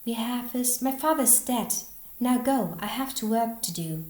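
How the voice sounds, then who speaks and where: Wary, hard-up girl from centuries back, read by a woman, hesitant and slow; roomy sound. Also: fairly high pitch, animated, darkish tone, voice pushed up. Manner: hesitant, guarded. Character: poor, wary girl from long ago. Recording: roomy echo.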